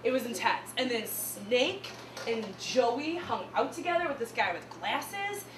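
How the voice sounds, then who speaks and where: A young woman with a Midwestern accent doing an animated stand-up set, laughing at her own punchlines. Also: on the high side, unhurried, noisy background. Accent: Midwestern American. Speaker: stand-up comedian. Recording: echoey room with mic far off.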